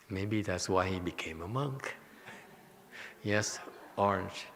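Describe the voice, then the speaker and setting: Male Buddhist teacher, teasing and animated, bright tone, reverberant temple hall. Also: sits low, slow, a little hiss or hum. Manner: animated, teasing, laughs often. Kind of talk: Dharma lecture with questions.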